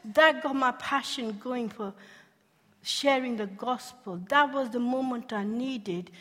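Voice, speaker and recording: Animated woman preaching a testimony in a reverberant hall. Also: a little high, slow. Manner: animated storyteller, laughs often, asks the audience questions. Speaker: speaker sharing a testimony. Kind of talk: testimony sermon.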